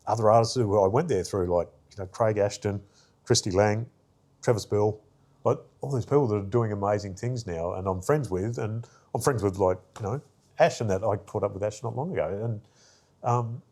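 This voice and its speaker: Here the artist guest, who also works in the arts, speaks in a lowish, mellow voice at a normal speed. His interview storytelling is casual and rambling, full of fillers, and he performs the voices of people he quotes.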